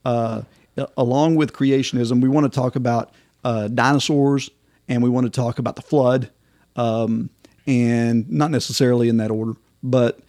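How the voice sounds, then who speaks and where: A man's voice: mid-range voice, a little mellow, dry recording. Man chatting on a podcast, dry sound. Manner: rambling, full of fillers and restarts. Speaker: podcast co-host. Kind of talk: casual podcast chat.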